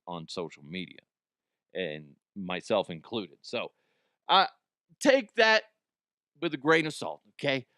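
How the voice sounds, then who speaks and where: A man's voice: fairly low pitch, no echo, clean studio sound. A man hosting a casual comedy talk show, joking loosely, cursing freely and reading an ad. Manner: loose, profane, jokey, animated outbursts. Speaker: radio show host.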